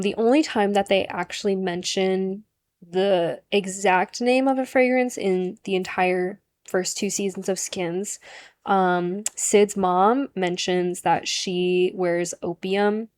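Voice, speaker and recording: A woman records a relaxed vlog monologue about fragrances. She chats loosely and fills her sentences with "like" and "um." Her voice sits at an ordinary middle pitch. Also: slow pace, no room sound. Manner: chatty, many "like" and "um" fillers. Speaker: perfume vlogger.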